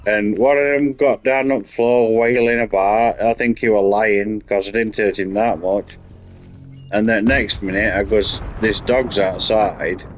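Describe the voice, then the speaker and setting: A man chatting casually while streaming a game, telling rambling, sweary stories. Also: fairly low pitch. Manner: rambling storytelling, swears freely. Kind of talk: casual chat while playing.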